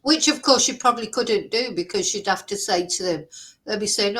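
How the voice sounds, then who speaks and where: A woman's voice: mid-range voice, normal speed, fairly bright tone, low-quality recording. A woman vlogger giving heated, indignant commentary, exclaiming in outrage. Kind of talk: angry ranting commentary.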